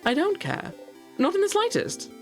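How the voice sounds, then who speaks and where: A woman's voice: very high-pitched, huge pitch swings, moderate pace, over music, voice pushed up, heavily acted. A woman voicing an aloof, grumpy genderless star-like being in video game dialogue, with a petulant, dismissive manner.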